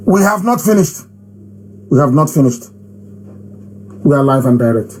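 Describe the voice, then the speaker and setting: A man giving an impassioned live broadcast address, emphatic and repetitive, hammering phrases with long pauses. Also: medium pitch, lively intonation, darkish tone, slight background noise, rough recording. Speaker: movement leader hosting a live broadcast.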